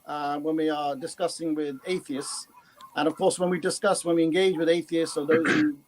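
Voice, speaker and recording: Man, panel guest, earnest, halting restarts, slightly high voice, faint noise behind. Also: fairly even intonation, poor audio. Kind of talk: explaining an argument in casual chat.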